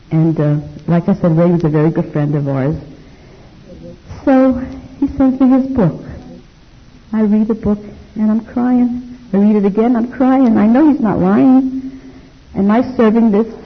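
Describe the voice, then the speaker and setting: An older woman giving a personal testimony to an audience, animated and acting out the dialogue she recalls. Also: medium pitch, breathy edge. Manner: animated storytelling, acts out quoted dialogue. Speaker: speaker telling her life story to an audience. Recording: dull lo-fi recording.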